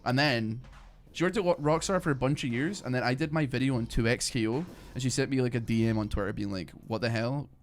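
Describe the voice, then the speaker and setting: Guy, gaming streamer, mid pitch, faint background hum. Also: fast, hardly any pauses. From Scotland. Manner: rambling, lots of fillers and laughs. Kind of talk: casual gameplay commentary.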